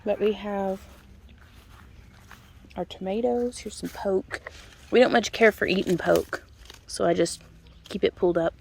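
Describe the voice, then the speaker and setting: A chatty woman with a twang gives a casual tour of her backyard garden, her voice sitting at an everyday middle pitch. She talks in a folksy, easygoing way and laughs often. A faint hiss of outdoor noise runs underneath. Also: unhurried, gravelly, pauses often, a little mellow. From Missouri. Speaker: homestead vlogger. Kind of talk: casual garden walk-through vlog.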